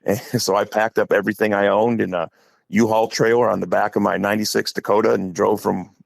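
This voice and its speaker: A man's voice: on the low side, little pitch movement, a little fast, creaky, no room sound. A middle-aged man from Wisconsin with an Upper Midwest accent, a coach telling a long, rambling story as a podcast guest. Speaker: guest, high school head football coach.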